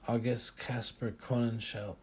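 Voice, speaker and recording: A man's voice: medium pitch, flat delivery, a little slow, slight background noise, close to an everyday voice. A man voicing a terse, secretive tech magnate in an audiobook, with clipped questions.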